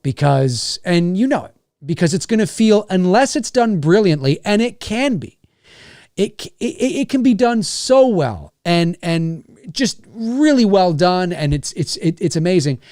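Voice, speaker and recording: A man's voice: sits high, very animated, a little slow, darkish tone, dry recording, clean studio sound. A man hosting a casual livestream rant, rambling and swearing, with many restarts. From Canada. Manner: rambling, profane, frequent restarts. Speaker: YouTube host.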